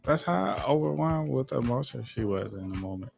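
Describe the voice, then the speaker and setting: A man's voice: medium pitch, moderate pace, creaky, faint music behind. A big, tall man co-hosting a podcast, telling a story casually and acting out the quotes he retells. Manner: animated storyteller, acts out quotes. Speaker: podcast co-host.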